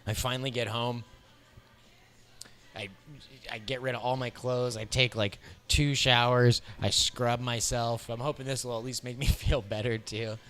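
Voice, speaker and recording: A man's voice: mid-range voice, moderate pace, soft background music. American man telling a wild story. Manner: animated, profane anecdote telling with frequent laughs. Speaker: comedian. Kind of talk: storytelling interview. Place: bar.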